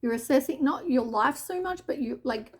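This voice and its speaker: A tarot reader with a high, expressive, slightly breathy voice speaks at a moderate pace. She gives a casual reading, addressing the listener directly as "you" in a chatty, offhand way, with mild swearing and asides.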